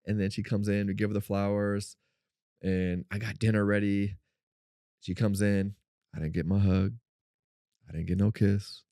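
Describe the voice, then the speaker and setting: A man co-hosting a faith-based podcast, telling a personal story in an animated way and acting out what people said. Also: moderate pace, long pauses, clean tone, no echo, studio quality. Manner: animated storyteller, acts out quotes in a high voice. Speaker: podcast co-host.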